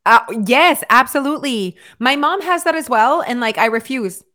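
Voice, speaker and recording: A woman hosting a casual chat about weight loss and sleep, talking fast with lots of "like". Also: high-pitched, animated, bright, forceful tone. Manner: chatty, lots of filler "like". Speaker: host.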